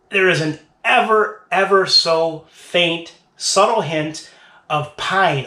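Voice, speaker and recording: A man hosting a casual beer tasting review, talking in a playful, drawn-out way as he sips and describes flavors. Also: sits high, fairly bright tone, reverberant.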